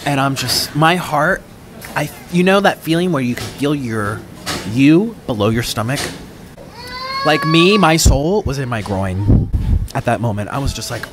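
A man's voice: medium pitch, lively intonation, moderate pace, background noise. A man telling a rambling, dramatic story while he eats on camera, talking casually into his microphone. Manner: rambling, chatty, dramatic, self-interrupting. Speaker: mukbang vlogger. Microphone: own microphone.

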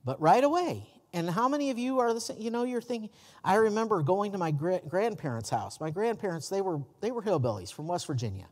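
A man preaching in a church, his pitch rising and falling a great deal as he tells folksy stories. The sound has a long, hall-like reverb. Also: sing-song, brisk, a little mellow. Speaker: pastor. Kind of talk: sermon. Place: church sanctuary.

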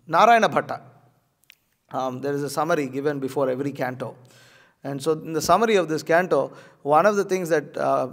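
A man reading a religious scripture aloud and pausing to comment, measured and a little hesitant in his asides. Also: fairly high pitch, fairly bright tone, long reverb tail. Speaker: religious teacher.

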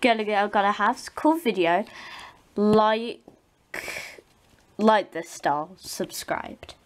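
A British woman hosting a doll channel reads her viewers' messages aloud. She trips over unfamiliar names and apologises a lot. Her delivery is unsure and halting. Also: medium pitch, a little hiss or hum. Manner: hesitant, apologetic, stumbles on names. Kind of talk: reading fan messages aloud.

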